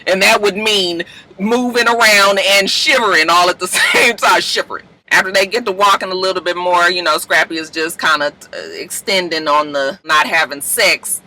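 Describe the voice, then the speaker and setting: A woman casually recapping a reality TV episode in a slangy, giggly, animated way. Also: fairly low pitch, moderate pace, poor audio.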